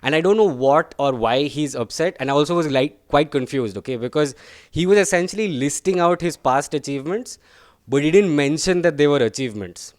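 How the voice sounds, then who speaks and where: Chatty young comedian, smooth and dry. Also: male voice, on the high side, animated, a little fast, no echo. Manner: chatty, self-deprecating, tags lines with "right?" and "guys". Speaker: stand-up comedian. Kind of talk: stand-up comedy set.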